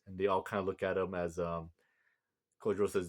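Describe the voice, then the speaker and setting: A man's voice: low-pitched, level tone, fairly quick. A tired man recapping a manga chapter in a casual, rambling way with many fillers and restarts. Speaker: manga reviewer.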